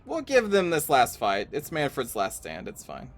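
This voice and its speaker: A man's voice: mid-range voice, wildly swooping pitch, moderate pace. A man casually commenting on his strategy game as he plays, chatty and wry, thinking aloud. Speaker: gaming streamer. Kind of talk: casual let's-play commentary. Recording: game music underneath.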